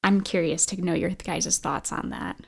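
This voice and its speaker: A woman's voice: lowish voice, wildly swooping pitch, normal speed, gravelly, husky. Hesitant woman in casual discussion. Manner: hesitant, full of fillers. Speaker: podcast panelist.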